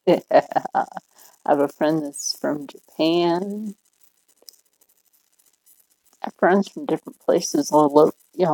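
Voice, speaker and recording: A woman's voice: low-pitched, gravelly, warm tone, husky, dry recording, poor audio. A middle-aged woman hosting a livestream, rambling along in casual chat and laughing often. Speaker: livestream host.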